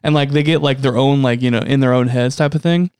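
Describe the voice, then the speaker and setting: A man's voice: mid-range voice, fairly even intonation, quick pace, a little mellow, clear, resonant tone, dry recording. Casting note: young American guy, casual co-host, cursing and laughing, dry close sound. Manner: profane, joking, laughs often. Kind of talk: casual chat.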